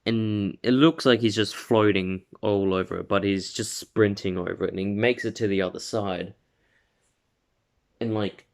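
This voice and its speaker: A man's voice: on the low side, steady tone, normal speed, vocal fry. A young man casually retelling a fan story, rambling with lots of "like" and self-corrections. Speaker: video creator.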